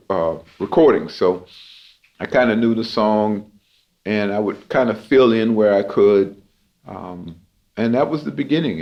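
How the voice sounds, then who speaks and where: Low-voiced New man telling stories. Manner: relaxed, reflective anecdotal telling with fillers. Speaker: jazz clarinetist and historian, interview guest. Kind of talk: storytelling in an interview. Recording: muffled lo-fi podcast audio.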